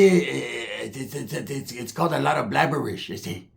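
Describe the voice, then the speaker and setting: In a mid-range, gravelly voice at normal speed, a Southern Californian man with a Chicano English accent delivers a rambling comedic monologue. It's full of "I say" asides and Spanish slang.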